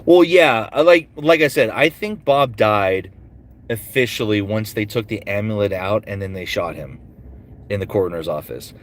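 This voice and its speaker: A man who is a voice actor and streamer, answering chat comments aloud in a relaxed livestream Q&A full of fillers. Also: on the low side, normal speed.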